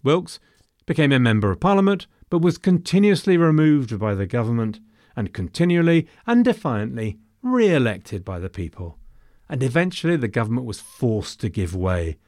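A man's voice: mid-range voice, sing-song, normal speed, a little mellow, no room sound, clean studio sound. A man narrating a history episode from a script, dropping in wry, jokey asides.

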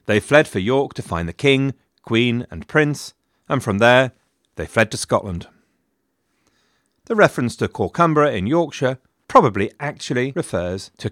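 A man's voice: mid-range voice, fairly bright tone, dry recording. Wry man narrating history. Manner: wry, dry humour with sarcastic asides. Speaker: history podcast host.

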